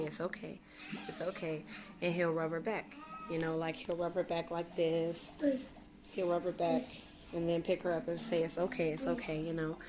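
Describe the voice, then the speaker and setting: A young woman in a casual home parenting vlog, chatty and full of "you know". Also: fairly low pitch. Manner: chatty, repeats phrases, says "you know" often. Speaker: mother vlogger. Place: at home indoors.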